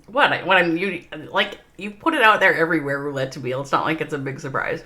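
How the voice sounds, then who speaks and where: A woman's voice: low voice, fast talker, sharp tone. A woman with a Minnesota accent casting an esports game on a livestream, chatting with her viewers and laughing often. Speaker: esports caster. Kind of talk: livestream game commentary and chat.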